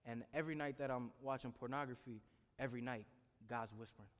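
Guy sharing his testimony, earnest and animated, big hall with long echo. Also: mid-range voice, fast. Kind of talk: personal testimony speech.

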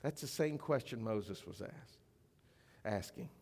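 A man preaching a sermon as a pastor, in a conversational style, slowing down for emphasis and sometimes dropping almost to a whisper. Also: on the low side, expressive, a little mellow, slightly rough. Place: church sanctuary. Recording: long reverb of a church hall.

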